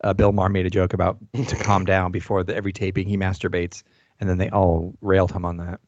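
A man's voice: sits low, little pitch movement, fast, a little mellow, no echo. A man co-hosting a wrestling podcast, recounting a show in a hesitant way. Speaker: podcast co-host. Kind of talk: casual wrestling chat. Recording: dry, dull lo-fi sound.

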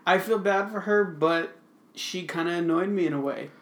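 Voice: mid-range voice, normal speed. Laughing, swearing podcast co-host. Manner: laughing often, blunt, swears freely. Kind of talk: casual profane chat. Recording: roomy echo.

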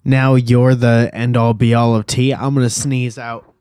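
A joking young man co-hosting a podcast. His voice is mellow and mid-pitched, recorded close and dry, and he keeps up a goofy, teasing banter. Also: level tone, unhurried, clean tone, dry recording. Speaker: podcast co-host. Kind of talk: casual chat.

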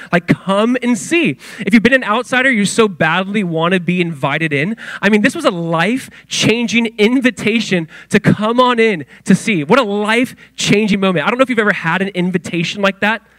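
A man in his thirties preaching with a high, light voice, recorded dry and close with no room sound. He talks in a loose, excitable way, full of slang and "like," and tells stories as he goes. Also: dry recording. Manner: casual, excitable storytelling with many "like"s. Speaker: pastor. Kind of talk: sermon.

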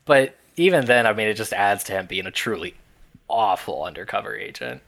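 A man's voice: on the low side, expressive, a little fast, creaky, a bit bright. A man co-hosting a casual podcast, recapping a movie in a wry, rambling way and laughing often. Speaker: podcast co-host.

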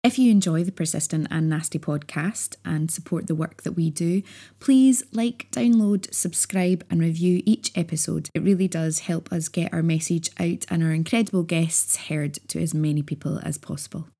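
A woman's voice: low voice, moderate pace, warm tone. A Scottish woman co-hosting a podcast in casual chat, reassuring and openly emotional. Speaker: podcast co-host.

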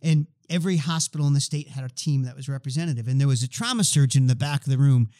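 A man's voice: mid-range voice, quick pace. A man in his fifties, a guest expert, telling stories in conversation and acting out the dialogue. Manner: animated, acts out dialogue in stories. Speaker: guest expert on healthcare change. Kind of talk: conversational storytelling.

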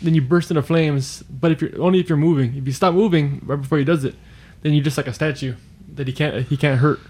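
A man's voice: fairly high pitch, fairly even intonation, fast talker, darkish tone, slightly rough. A man co-hosting a podcast in casual chat, rambling and trailing off, laughing often. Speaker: podcast co-host.

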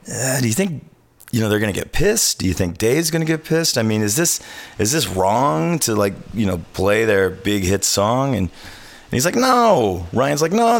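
A man's voice: mid-range voice, gravelly. A man hosting a podcast, telling a road story in casual chat, acting out quotes and swearing freely. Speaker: podcast host.

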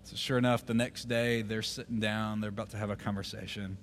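A man, preaching a sermon as the pastor. He tells a story, drops almost to a whisper at tender moments, and grows forceful when he urges the congregation. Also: on the low side, flat delivery, a little fast, few pauses, slight background noise.

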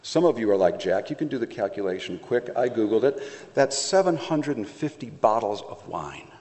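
A pastor preaching a conversational sermon, telling the story playfully with acted asides. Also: male voice, lowish voice, big pitch swings, normal speed, darkish tone, in a large hall.

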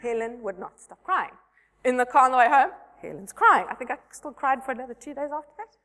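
A woman's voice: high-pitched, animated, fairly quick, fairly bright tone. Chatty woman telling stories in a hall. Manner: chatty, self-mocking storyteller. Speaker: Sunday school teacher giving a talk. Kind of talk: church talk with personal stories. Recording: long hall reverb.

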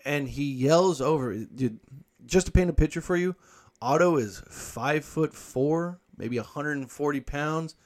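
A man's voice: a little high, measured pace. A man hosting a podcast, telling a rambling, profane story in casual monologue and reading articles aloud with his own asides. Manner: profane, rambling, animated when quoting himself. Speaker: podcast host.

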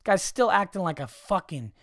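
A man with a somewhat high voice tells a comic story on his podcast, swearing freely and mocking the people in it. He sounds fed up and exasperated. The sound is dry and close, with no room around it. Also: animated, normal speed, a bit bright, no room sound. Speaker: podcast host.

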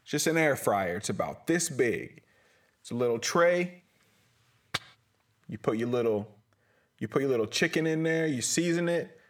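A man's voice: mid-range voice, animated, moderate pace, pauses often. A man hosting a solo podcast from a small closet, talking in a rambling, profane, self-mocking way. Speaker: podcast host.

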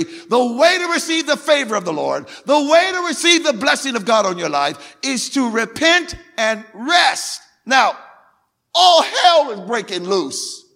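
A man preaches a sermon with a high, bright, forceful voice. He leads call-and-response, has the congregation repeat words after him, and hammers phrases again and again. His voice rings with a long reverb from a large church hall. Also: vocal fry. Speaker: pastor.

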